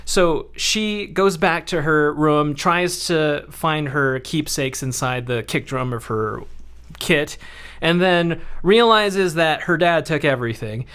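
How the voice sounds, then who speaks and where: A man hosting a casual podcast, ranting animatedly and swearing freely as he recaps a film. His voice is high for a man, bright and smooth. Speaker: podcast host.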